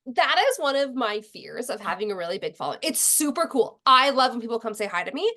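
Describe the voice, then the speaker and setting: A woman in her thirties with a high voice that swings widely in pitch, co-hosting a casual podcast. She talks in a self-deprecating, shy way. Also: big pitch swings, a little fast. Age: 30s. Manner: self-deprecating, shy, warm laughing chat. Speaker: podcast co-host. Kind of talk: casual chat.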